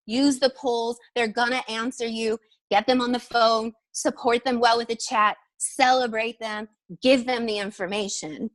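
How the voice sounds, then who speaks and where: A woman health coach giving energetic, emphatic tips on a training call. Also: a little high, no echo.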